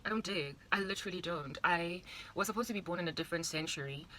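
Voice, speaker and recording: A woman's voice: lowish voice, fast talker, a bit bright, slight background noise. A South African woman in her thirties, rambling playfully through a casual monologue with exaggerated asides. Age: 30s. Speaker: vlogger.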